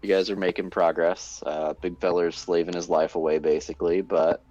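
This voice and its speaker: A man narrating as game master for a tabletop game, halting and full of fillers and restarts. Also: low voice, little pitch movement, darkish tone, dry recording, dull audio.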